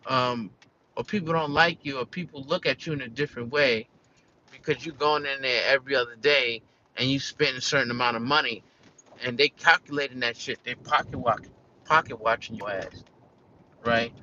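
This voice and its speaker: A man's voice: mid-range voice, normal speed, pushed and bright, lo-fi sound, a little hiss or hum. An American man venting casually in a candid, profane, rambling monologue, full of restarts. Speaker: vlogger.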